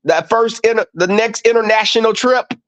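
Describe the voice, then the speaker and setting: This man's voice is high-pitched and his pace moderate as he hosts a livestream. In dull lo-fi stream audio, he chats profanely and casually with viewers, bringing quoted exchanges to life through animated storytelling.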